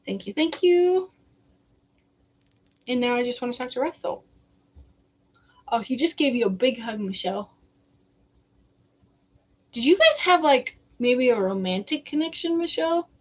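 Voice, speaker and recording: A woman's voice: sits high, animated, measured pace, long pauses, low-quality recording. Giggly young woman giving a psychic reading. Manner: chatty and giggly, quoting spirits in a casual voice. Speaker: psychic reader. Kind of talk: live-stream psychic reading.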